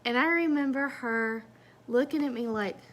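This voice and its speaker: A woman's voice: sits high, moderate pace, fairly bright tone. A woman telling a personal story in a casual, chatty, self-mocking way.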